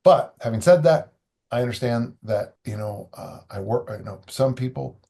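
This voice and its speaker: A man's voice: mid-range voice, animated, moderate pace, vocal fry, mellow. A man, a strength coach guest, talking in a loose, rambling way with dry humor. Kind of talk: conversational interview.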